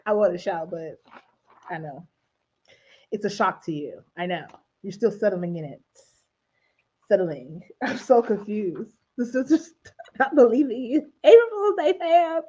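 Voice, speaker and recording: A woman co-hosting a casual podcast chat, expressive and teasing, laughing often. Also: medium pitch, unhurried, husky, dull audio. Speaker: podcast co-host.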